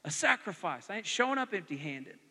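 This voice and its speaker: Bright-voiced pastor preaching in a reverberant hall. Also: male voice, high voice, fairly quick. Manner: animated, builds from conversational asides to loud exhortation. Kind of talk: sermon. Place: church sanctuary.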